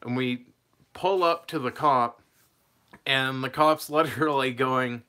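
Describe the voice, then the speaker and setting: A man's voice: medium pitch, slow, pushed and bright. A young man telling a personal story in a casual, rambling way, laughing mid-sentence and losing his train of thought.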